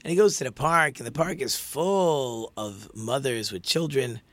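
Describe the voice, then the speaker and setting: A man's voice: mid-range voice, normal speed, a bit bright. A man telling a story in a conversational sermon, with many fillers and restarts.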